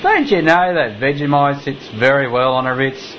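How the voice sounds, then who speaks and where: An actor playing a washed-up, grumpy old Australian collector with an Australian accent, in a comedy radio play. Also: male voice, medium pitch, moderate pace, slight background noise, natural voice. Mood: grumbling. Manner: gruff and complaining. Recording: slightly muffled recording.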